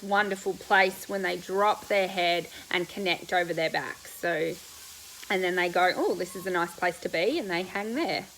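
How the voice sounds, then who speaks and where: A medium-pitched woman sounds bright and forceful in a low-quality recording with slight background noise. While eating breakfast in a coach seat, she answers viewers on a casual live stream, bubbly and talkative, laughing quickly and giving loose, rambling responses.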